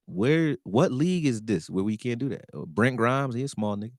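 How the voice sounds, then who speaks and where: A man talking casually on a sports live stream, profane and animated, answering his chat. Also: medium pitch, normal speed, no room sound, studio quality.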